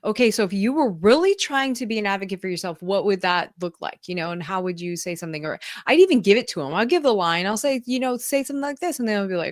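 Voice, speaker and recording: A woman in her forties hosts a casual podcast interview. She tells stories with animated energy, acting out quoted dialogue and filling her speech with casual fillers. Her voice sits at a middle pitch, recorded dry and close with no room sound. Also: quick pace, no echo. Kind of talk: conversational interview storytelling.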